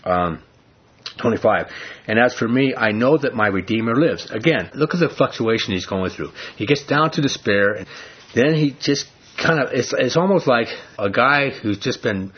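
A man's voice: mid-range voice, lively intonation, moderate pace, breathy edge. A man teaching from the Bible in an earnest, folksy way, full of "I mean" asides. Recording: dull lo-fi recording.

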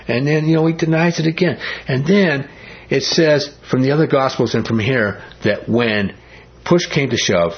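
Man, pastor, sermon, animated conversational preaching, mid pitch, muffled lo-fi sound. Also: normal speed.

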